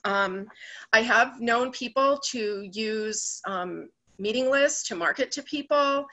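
A woman speaking earnestly at an online recovery meeting, conversational, with many fillers and pauses. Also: on the high side, sharp tone. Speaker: member sharing at a recovery meeting. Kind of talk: personal share on a video call. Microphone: video call.

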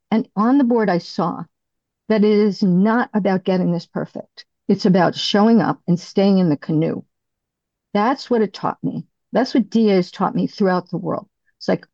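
A middle-aged woman giving a candid, halting personal recovery share as a speaker. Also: on the low side, mellow, no room sound, lo-fi sound.

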